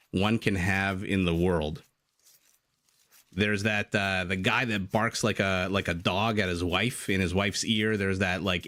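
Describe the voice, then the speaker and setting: Guy casting a strategy game live, kinda low voice, rambly and laughs a lot. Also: fairly bright tone. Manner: chatty, rambles into tangents, laughs often. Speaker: game caster. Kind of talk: live esports commentary.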